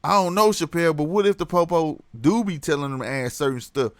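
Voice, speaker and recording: A man's voice: fairly high pitch, fairly quick, smooth, no room sound, studio quality. A man hosting a casual livestream, talking animatedly to his chat, laughing often. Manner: animated, laughs a lot, reads chat aloud. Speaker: livestream host.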